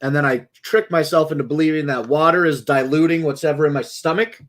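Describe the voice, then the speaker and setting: A man's voice: fairly high pitch, fast. A man hosting a casual livestream at home, joking and swearing loosely. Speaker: livestream host.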